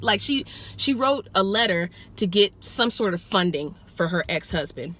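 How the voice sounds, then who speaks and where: Bright, animated woman telling a story. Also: medium pitch, moderate pace, slight background noise. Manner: profane, animated, acts out quotes. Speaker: rideshare driver telling a passenger story.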